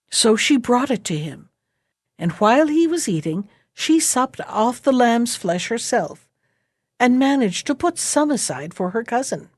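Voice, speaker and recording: A woman reading a fairy tale aloud in a slow, measured storybook manner. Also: a little high, sing-song, no room sound, clean studio sound.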